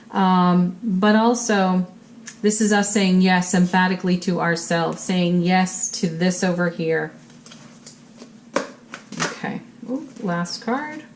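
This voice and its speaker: A woman's voice: mid-range voice, darkish tone, a little hiss or hum. A woman giving a monthly tarot reading to her viewers in an upbeat, encouraging way, full of spiritual phrasing. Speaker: tarot reader.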